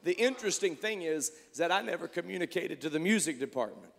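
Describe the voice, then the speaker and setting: High-voiced preacher in an echoey hall. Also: male voice, expressive, fast talker, gravelly, fairly bright tone. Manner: fervent praying, preacher's cadence. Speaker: pastor. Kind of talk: sermon. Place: church sanctuary.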